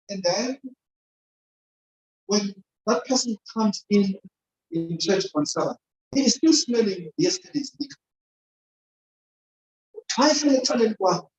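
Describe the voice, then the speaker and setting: A woman's voice: a little high, a little mellow. A woman speaking informally to a church congregation, often quizzing her listeners. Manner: chatty, keeps quizzing the congregation. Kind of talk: informal sermon-style talk. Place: church hall. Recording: echoey, dull, distant church recording.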